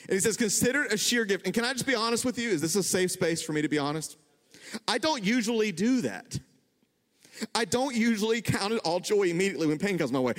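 A young adult man preaching a sermon in a church, telling funny stories about himself with lively swings in his voice. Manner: animated, self-deprecating, jumps in pitch when excited. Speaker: pastor. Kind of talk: sermon with storytelling. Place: church sanctuary. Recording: long hall reverb.

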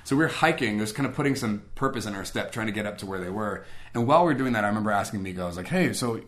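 Young guy, low-ish voice, rapid casual storytelling, plays out both sides of old conversations. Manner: animated, quotes himself and others in conversation, many "like" fillers.

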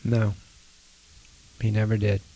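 Soft-spoken reflective man, dry sound. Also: lowish voice, completely flat delivery, slow pace, dry recording. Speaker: podcast co-host. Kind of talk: faith podcast conversation.

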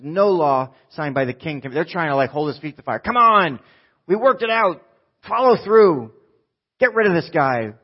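A man preaching a sermon, retelling a story with lively, acted-out voices. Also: medium pitch, lo-fi sound. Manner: animated storytelling, acting out voices. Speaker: pastor.

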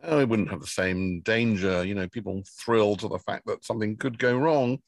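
A man with a lowish voice co-hosts a casual podcast, sliding dry little jokes into the chat. His voice is recorded close and dead, with almost no room sound around it. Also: moderate pace, no echo. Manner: dry, joking banter. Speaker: podcast co-host. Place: outdoors near a camper van.

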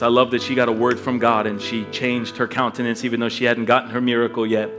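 Animated man preaching a sermon. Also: medium pitch, fast, hardly any pauses, soft background music. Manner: animated storytelling, acts out voices, laughs often. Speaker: pastor. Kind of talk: sermon with scripture reading and personal stories.

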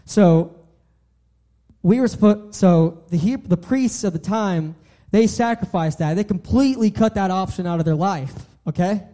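A man's voice: high voice, measured pace, dark tone. A young man giving an earnest sermon, often restarting and repeating his phrases. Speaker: preacher.

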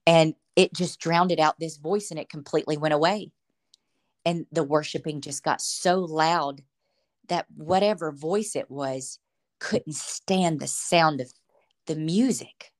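A woman shares her personal faith testimony as a podcast guest. Her voice sits low for a woman, and she tells her story with earnest, emotional conviction.

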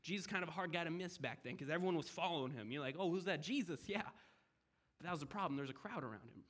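A young male preacher with a high voice talks fast, giving a lively, conversational sermon. He swings between loud, emphatic lines and quiet, hushed asides, acting out the voices of people in the story along the way.

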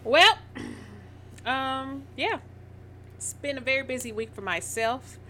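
A woman's voice: high-pitched, lively intonation, slow, sharp tone, slight background noise. A woman with a rural Southern American twang, co-hosting a casual sports podcast in a teasing, drawling way. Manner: teasing, drawling, laughs easily. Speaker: podcast co-host. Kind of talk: casual chat.

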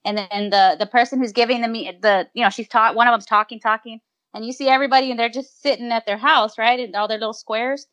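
A high-pitched woman co-hosting a casual podcast. She tells loose, funny stories and laughs often as she talks. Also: fairly even intonation, quick pace, a bit bright. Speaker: podcast co-host. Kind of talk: casual chat.

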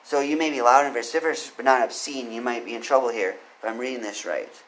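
A man's voice: medium pitch, quick pace, fairly bright tone, slight background noise, poor audio. A man reading out legal code and giving his opinions, often putting questions to the listener. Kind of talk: solo commentary with read-out legal text.

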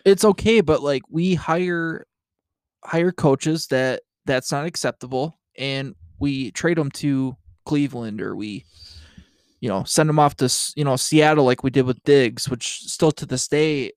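A man's voice: mid-range voice, unhurried, clean tone, no echo, clean studio sound. A man co-hosting a casual sports podcast, agreeable and full of fillers. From Detroit area. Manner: agreeable, frequent fillers and trailing-off phrases. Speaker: podcast co-host.

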